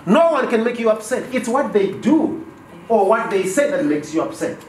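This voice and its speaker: A business trainer with a high-pitched voice leads a workshop class at a moderate pace. He's animated, quizzing the room and acting out office dialogues, heard from afar in a roomy, echoey recording with slight hiss or hum.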